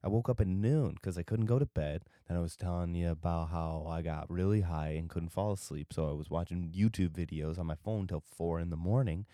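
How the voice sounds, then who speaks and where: A young man with a deep, mellow voice hosts a solo podcast. He is worn out and meanders from thought to thought, often losing track of what he was saying. His voice is recorded close and dry. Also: brisk, hardly any pauses, no echo. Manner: drowsy, meandering, loses his train of thought. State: tired. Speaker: podcast host. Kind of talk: rambling solo podcast chat.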